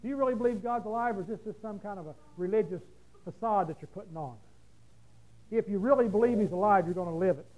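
A man preaching a sermon, reading scripture aloud, then explaining it with questions to his listeners. He drops to hushed low stretches and then rises to loud, emphatic passages. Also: rough recording.

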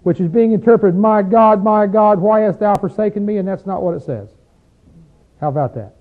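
A man with a high-pitched voice at normal speed leads an interactive Bible study, teaching emphatically, questioning the group as he goes, and rising in pitch when stressing points. The recording sounds tinny, like a phone.

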